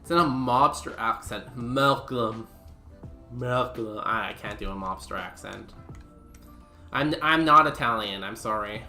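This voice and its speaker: A man's voice: fairly low pitch, moderate pace, pushed and bright, reverberant, soft background music. A young man streaming a game and chatting casually with his viewers, rambling with lots of fillers. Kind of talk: casual live-stream commentary.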